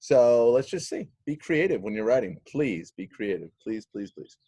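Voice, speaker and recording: Guy teaching latin to kids on video, super lively up and down voice, goofy and jokey. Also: mid-range voice, normal speed, slightly rough. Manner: animated, playful, jokey. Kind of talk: recorded class lesson.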